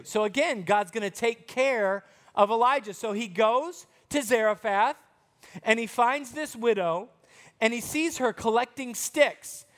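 A man with a very high voice tells a Bible story to a group of children. He keeps it chatty and playful and speaks straight to the kids as he goes. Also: a little slow, a bit bright.

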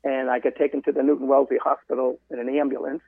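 Older man, around 70, from Massachusetts, storytelling interview guest, husky, thin phone-line sound. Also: medium pitch, fast talker, no room sound. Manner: animated storyteller who quotes people in dialogue. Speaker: guest, marathon runner.

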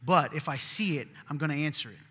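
A man preaching a sermon as pastor, earnest and emphatic, sometimes dropping to a hush. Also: a little high, quick pace, husky. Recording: hall reverb.

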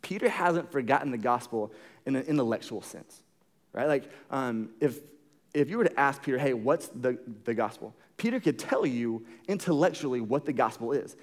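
A man's voice: medium pitch, expressive, moderate pace. A young adult man preaching a sermon as a pastor, conversational and jokey, full of fillers and restarts. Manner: jokey storytelling.

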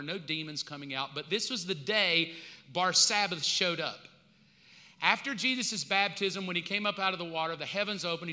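A man's voice: high-pitched, bright, forceful tone. A man from the United States preaching a sermon as pastor, in a casual, colloquial way with slang asides. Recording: long reverb of a large hall.

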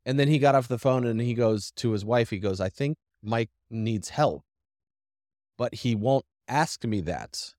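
Recorded in the studio with no echo, this male co-host of a podcast has a slightly mellow voice on the low side. He talks in a casual, direct way, wandering off track and often starting his thoughts over.

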